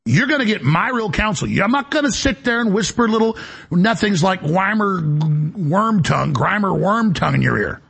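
A man hosting a talk show, delivering a rambling, emphatic monologue in a gravelly, raspy voice. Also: high-pitched, animated, moderate pace, fairly bright tone. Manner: emphatic, boastful, jumps between topics.

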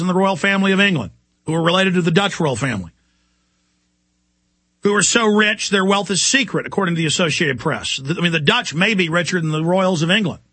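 A man's voice: high-pitched, sharp tone, dry recording. A man delivering an impassioned, indignant talk radio monologue as the show's host.

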